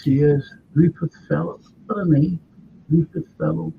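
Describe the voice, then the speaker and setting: Gravelly older Liverpool man, rambling. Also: fairly high pitch, fairly even intonation, normal speed. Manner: rambling, chatty, with frequent restarts. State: tired from lack of sleep. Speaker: host. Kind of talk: casual chat. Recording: dull lo-fi sound with faint noise.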